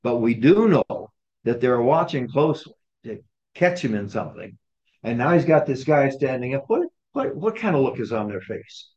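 Very animated and speaking at normal speed, this man has a medium-pitched, darkish voice. He leads a small group through scripture like a Bible study leader, chatting, posing questions and acting out the lines he quotes, all on a dull lo-fi recording.

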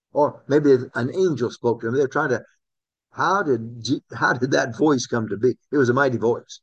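A man's voice: mid-range voice, moderate pace, slightly rough, no room sound, muffled recording. A man preaching a sermon in a conversational way, calling on listeners by name. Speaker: pastor.

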